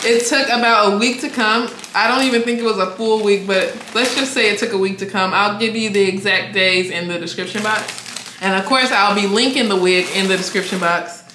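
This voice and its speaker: A bright, high-voiced young woman talks through an unboxing at home, excitable and quick to laugh. Her voice rings off the walls of an echoey room, with a faint hiss behind it. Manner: excitable, laughing, squealing bursts. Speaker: beauty vlogger. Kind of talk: casual unboxing vlog.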